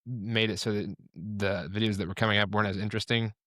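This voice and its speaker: A man's voice: fairly low pitch, steady tone, fast, a bit bright, no echo, clean studio sound. A young man co-hosting a casual chat over a video call, talking in a loose, rambling way and breaking off mid-sentence. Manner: casual, rambling, self-interrupting. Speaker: co-host.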